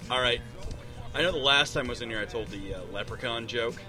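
A man's voice: mid-range voice, quick pace. Rambling man over music. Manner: rambling, hesitant starts. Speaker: podcast guest, band member. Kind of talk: casual chat, telling a joke.

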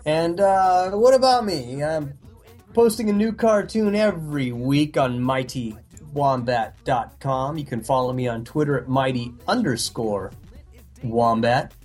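A man's voice: medium pitch, animated, a little slow, darkish tone, soft background music. A man co-hosting a casual comedy podcast, telling jokes with dry, teasing banter. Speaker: podcast co-host.

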